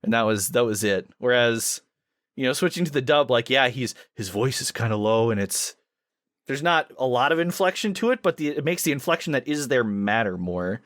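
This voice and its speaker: A man co-hosting a podcast in casual chat, enthusiastic and quick to act out lines he quotes. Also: mid-range voice, lively intonation, fairly bright tone, no echo, clean studio sound. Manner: enthusiastic, acts out quotes in shifting voices. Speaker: podcast co-host.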